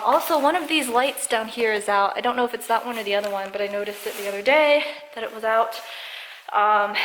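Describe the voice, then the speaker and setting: A woman's voice: on the high side, fairly bright tone, slight background noise, rough recording. A young woman vlogging at home, rambling and chatty with lots of fillers. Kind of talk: casual vlog chat. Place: home and garage.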